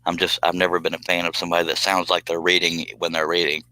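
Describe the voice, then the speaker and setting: A man's voice: low-pitched, completely flat delivery, quick pace, bright, forceful tone, no room sound. A man hosting a live stream, rambling and joking in casual chat as he reads viewer comments aloud.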